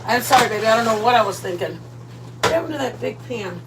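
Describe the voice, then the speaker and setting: A woman hosting a casual cooking livestream from her home kitchen, chatty and playful, greeting viewers by name with loud excited bursts. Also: a little high, fast talker, heavy background noise.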